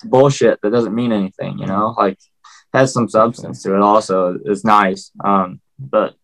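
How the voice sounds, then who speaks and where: A man on a podcast, talking in a relaxed way full of filler words in casual chat. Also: lowish voice, measured pace, creaky, low-quality recording.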